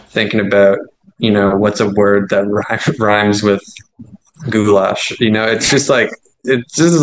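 A man's voice: fairly low pitch, fairly bright tone, rough recording. A man who writes his band's songs, talking casually in an interview, rambling and self-deprecating with lots of fillers. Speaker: songwriter and band frontman.

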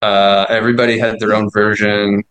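A man's voice: lowish voice, flat delivery, moderate pace, a bit bright, low-quality recording. A man who writes his band's songs, talking casually in an interview, rambling and self-deprecating with lots of fillers. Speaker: songwriter and band frontman.

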